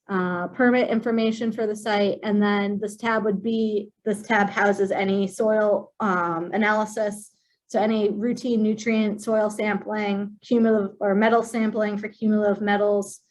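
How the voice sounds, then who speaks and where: A woman presenting a software walkthrough in a webinar, speaking plainly with many um fillers. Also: mid-range voice, rough recording. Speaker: compliance staff presenting software.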